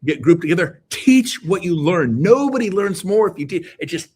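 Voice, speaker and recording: A man's voice: high-pitched, normal speed, slight background noise. This is a middle-aged man with a slightly raised voice, delivering motivational advice as an interview guest. He talks with driving energy and hammers home his points with repeated, emphatic urging. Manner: energetic, emphatic, repetitive exhortations. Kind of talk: motivational talk.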